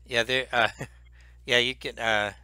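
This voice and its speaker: A man narrating as game master, halting, with many fillers. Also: medium pitch, level tone, sharp tone, clean tone, no room sound.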